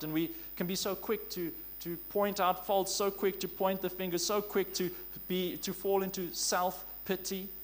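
A man preaching a sermon in an earnest, emphatic way, slowing down to stress key phrases. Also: high voice.

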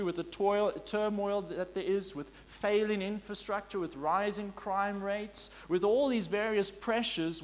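A man with a high voice preaches a sermon earnestly and emphatically, slowing down to stress key phrases.

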